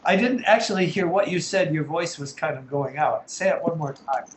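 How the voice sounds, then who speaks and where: A man's voice: fairly high pitch, normal speed. A man teaching English pronunciation in a live class, asking learners short questions with patience. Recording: roomy echo, faint background noise.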